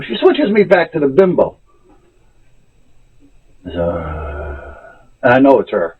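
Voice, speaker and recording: Guy ranting about a phone call, husky, sounds like a tinny phone line. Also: medium pitch, takes it slowly, long pauses. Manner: animated, exasperated retelling of a phone call. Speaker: vlogger. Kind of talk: casual storytelling rant.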